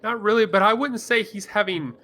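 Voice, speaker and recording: A man's voice: high voice, fairly quick, pushed and bright. A man playing his character at a tabletop game, hesitant and wry, with lots of fillers. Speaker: player.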